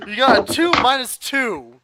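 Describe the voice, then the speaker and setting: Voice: medium pitch, animated, normal speed, very noisy. A player in an online tabletop game, hesitant and trailing off. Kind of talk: casual tabletop play.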